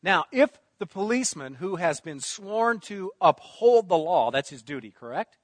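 Animated man preaching. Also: moderate pace, no echo. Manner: animated preaching, booming emphasis on quoted words, drops to quiet asides. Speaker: pastor. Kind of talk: sermon.

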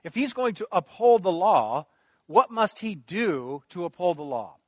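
Animated man preaching. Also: measured pace, dry recording. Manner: animated preaching, booming emphasis on quoted words, drops to quiet asides. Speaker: pastor. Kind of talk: sermon.

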